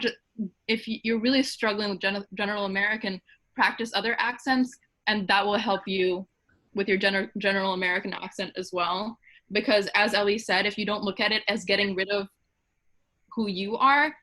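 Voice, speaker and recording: Bright upbeat woman giving advice on a video panel, mid pitch. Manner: upbeat, encouraging. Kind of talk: panel discussion. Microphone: video call.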